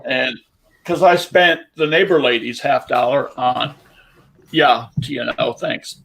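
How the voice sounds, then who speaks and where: Fifties Iowa man, gravelly, loose salty storyteller in a relaxed hangout chat. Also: medium pitch, unhurried. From Eastern Iowa. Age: 50s. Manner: rambling anecdotal storytelling, salty language. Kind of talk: casual chat.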